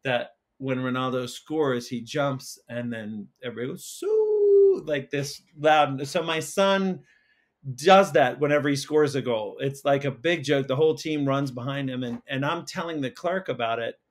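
A man, a school counsellor and podcast guest, telling a personal story in casual conversation, halting with many restarts and fillers. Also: mid-range voice.

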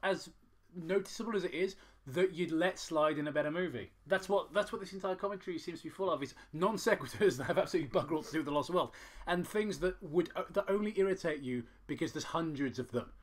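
A man talks over a movie in loose, rambling commentary. He swears often and leans sarcastic. His voice sits a little higher than most men's. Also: fast. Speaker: commentary host. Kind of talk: casual film commentary.

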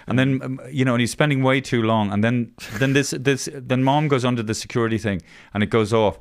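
A man's voice: medium pitch, steady tone, fast talker, few pauses, clean tone. Heated Irish man telling stories. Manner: profane, heated storytelling with many restarts. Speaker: podcast host. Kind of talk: casual podcast chat.

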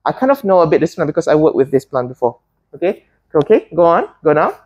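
A woman's voice: sits low, very animated, quick pace, slightly rough, dull audio. A woman teaching a botany class, often hesitating and putting questions to her students. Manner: hesitant, many fillers and restarts, asks students questions.

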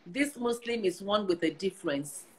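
A woman's voice: mid-range voice, animated, moderate pace, background noise. A Nigerian woman in her sixties giving earnest advice in casual conversation, often repeating herself for emphasis. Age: 60s. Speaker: guest.

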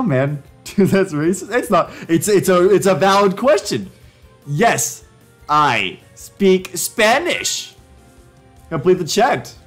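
A young man casually commenting on a live stream, joking around and reading prompts aloud. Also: high voice. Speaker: livestreamer.

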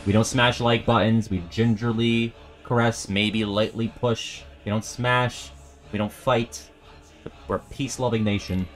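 A man streaming a video game, joking and swearing in excitable live commentary. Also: fairly low pitch, a little slow, soft background music.

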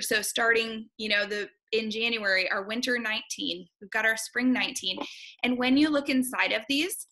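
Excited fast-talking woman. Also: on the high side. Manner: excited, fast-talking, uses many ums. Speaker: gym owner and program coach. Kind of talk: casual webinar walkthrough.

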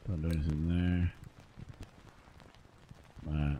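A man's voice: extremely low pitch, flat delivery, takes it slowly, noisy background. A man, hosting a gaming channel and giving chatty gameplay commentary full of exasperated asides.

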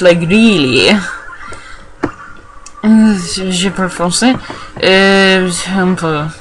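A young woman with a lowish voice chatting over a video game as she plays. She rambles from topic to topic, talks to herself and swears freely. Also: slow pace, long pauses, background noise. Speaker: let's play host. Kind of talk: casual gameplay commentary.

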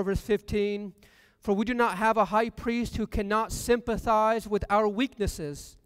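A man's voice: high voice, no room sound, clean studio sound, long reverb tail. A man preaching a sermon in a church, repeating lines with building emphasis. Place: church sanctuary.

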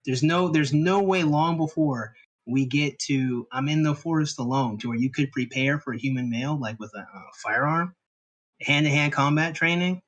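Husky-voiced man arguing on a panel. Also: on the high side, moderate pace, fairly bright tone, poor audio. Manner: argumentative, emphatic, repeats himself. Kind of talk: heated online panel debate.

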